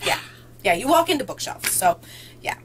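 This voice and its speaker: A young woman from Indiana hosts a casual book chat with friends, bubbly and quick to laugh. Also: mid-range voice, noisy background. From North Central Indiana, US. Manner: bubbly, excitable, laughs often. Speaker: book vlogger hosting a book tag.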